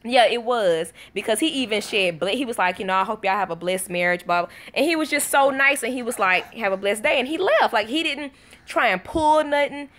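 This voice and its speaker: A woman's voice: on the high side, lively intonation, a little fast, fairly bright tone. A woman chatting casually to her viewers at home, tired after a night of little sleep, telling a story in a loose, conversational way and calling her audience y'all. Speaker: vlogger.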